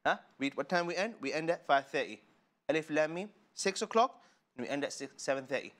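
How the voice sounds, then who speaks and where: A man teaching children about the Qur'an, playful and animated, asking questions and laughing often. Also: fairly high pitch, a little fast. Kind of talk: lively lesson for children. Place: studio.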